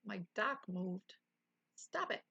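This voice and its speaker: A woman's voice: medium pitch, big pitch swings, slow, creaky, sharp tone, husky, highs cut off. A woman streamer chatting casually with her live chat, laughing often and full of exclamations, at a desk mic.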